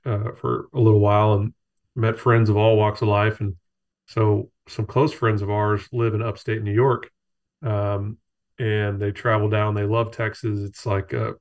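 Easygoing low-voiced man telling anecdotes. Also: highs cut off. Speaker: outdoorsman in conversation. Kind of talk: casual conversation.

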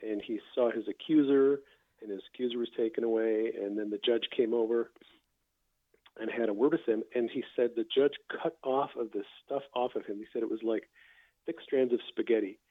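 A man hosting a casual faith conversation, calmly recounting testimonies he has heard. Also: mid-range voice, brisk, dry recording. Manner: relaxed storyteller, recounts others' testimonies. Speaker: podcast host. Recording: tinny phone-like line.

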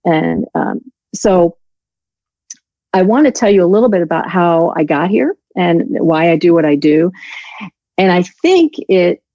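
Frank woman with a low, mellow voice. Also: lively intonation, a little slow, long pauses, dry recording, lo-fi sound. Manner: frank, self-deprecating, restarts her sentences often. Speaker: guest, law enforcement resilience instructor. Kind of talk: candid storytelling interview.

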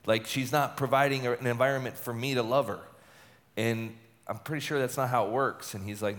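A man's voice: mid-range voice, moderate pace. Man telling his story in a reverberant hall. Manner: animated storytelling, acts out quoted dialogue. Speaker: speaker telling a personal story. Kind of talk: personal testimony talk.

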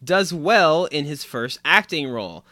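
A man's voice: fairly high pitch, expressive, a little slow, pushed and bright, dry recording. A man co-hosting a podcast in casual chat, reading listener emails aloud and laughing often.

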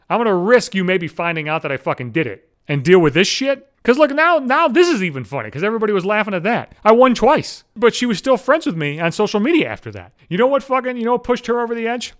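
A man hosting a podcast, telling a crude story in a loud, gleeful, profane rant. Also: high-pitched. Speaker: podcast host. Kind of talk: profane comedic storytelling monologue.

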